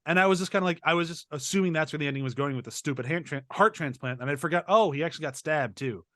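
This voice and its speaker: Animated man hosting a movie chat. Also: on the high side, very fast, no room sound, clean studio sound. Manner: animated storyteller, acts out quotes with laughs. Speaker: podcast host. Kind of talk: casual movie review chat.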